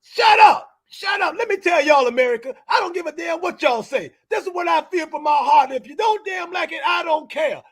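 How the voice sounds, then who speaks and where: A defiant, cussing old man rants and hollers at anyone who would tell him what to do, as a man puts him on. The voice sits very high and keeps breaking into shouts. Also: expressive, normal speed, hardly any pauses. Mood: ranting defiant. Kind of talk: impression on a talk show.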